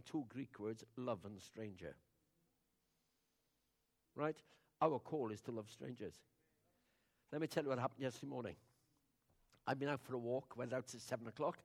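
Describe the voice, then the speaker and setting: An older man, preaching in a conversational, storytelling sermon that drops to hushed asides and rises to loud declarations. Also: mid-range voice.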